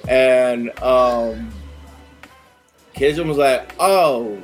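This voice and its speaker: Swearing slangy bro recapping a game. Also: male voice, a little high, unhurried, soft background music. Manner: slangy bro-speak, heavy swearing, constant "like" fillers. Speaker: player recapping a tabletop game session. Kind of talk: casual in-character session recap.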